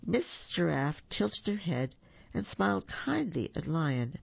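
A storyteller reading children's stories aloud, with gentle chatty asides to the listeners. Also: medium pitch, sing-song, slow pace, gravelly, breathy edge, no echo. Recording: muffled lo-fi recording.

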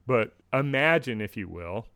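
An American man co-hosting a podcast, talking in casual chat, thoughtful and halting. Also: medium pitch, lively intonation, a bit bright, dry recording, studio quality. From United States. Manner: thoughtful, halting, restarts mid-sentence. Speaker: podcast co-host.

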